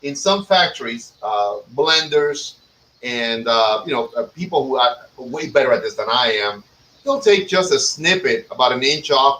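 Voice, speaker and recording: A man's voice: a little high, bright, forceful tone. A man hosting a casual talk show, joking and swearing, rambling with plenty of fillers, recorded in a roomy space away from the mic. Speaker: podcast host. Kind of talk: casual chat. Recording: roomy echo, far from mic.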